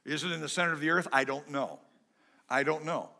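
A pastor preaching a sermon in a joking, conversational way, swinging between loud and soft. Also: male voice, on the high side, steady tone, a little fast, gravelly.

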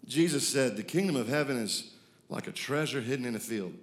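A man, preaching a sermon, moving from hushed reflection to loud, excited declarations. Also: mid-range voice, fairly quick. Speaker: pastor.

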